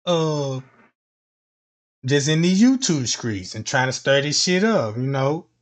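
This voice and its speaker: A man's voice: on the high side, very animated, takes it slowly. A young man talking casually in a profane, rambling way, telling street stories on a live stream and often repeating his catchphrases. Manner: profane, rambling, repeats "you know what I'm talking about". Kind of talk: casual street storytelling monologue.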